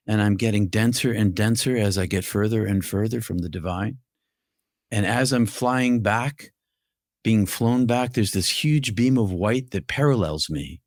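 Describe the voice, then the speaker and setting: A man's voice: mid-range voice, no echo, clean studio sound. A man, a podcast guest, earnestly telling a vivid personal story in a casual talk.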